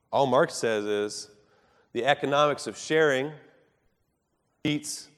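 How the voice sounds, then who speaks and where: A man preaching a sermon in an earnest, measured way, rising for emphasis and dropping soft at the ends of thoughts. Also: on the low side, in a large hall.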